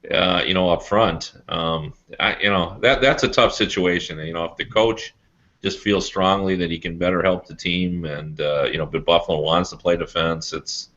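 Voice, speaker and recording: A man talking in a casual podcast chat, halting and filling with "you know". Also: deep voice, steady tone, fairly bright tone. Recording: dull lo-fi podcast audio.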